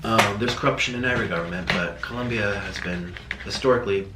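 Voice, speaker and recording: A man talking straight to camera in a casual vlog, tearful and halting, with many pauses and fillers. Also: on the low side, reverberant, heavy background noise. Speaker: vlogger. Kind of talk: emotional casual vlog talk.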